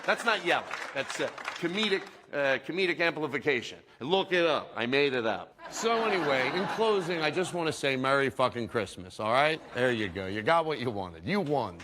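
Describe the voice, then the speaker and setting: Man, comedian, mock-angry, rambling, emphatic, animated pitch, reverberant. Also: normal speed, hardly any pauses, background noise. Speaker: comedian guest. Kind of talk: comedic rant to camera.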